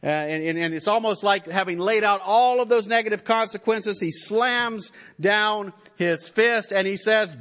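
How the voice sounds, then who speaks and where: A man's voice: sits high, unhurried, hardly any pauses, a bit bright. A man preaching a sermon as pastor, in an emphatic style that builds to stressed declarations.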